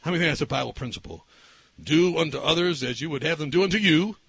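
A man preaching a sermon, telling a story and swinging between shouting and whispering as he acts it out. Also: a little high, fast talker, vocal fry, husky, dry recording.

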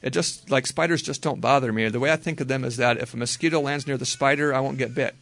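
A man teaching a group how to read the Bible, talking in a relaxed, conversational way and slowly repeating verses. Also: medium pitch, no room sound. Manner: relaxed, conversational, slow careful repetition.

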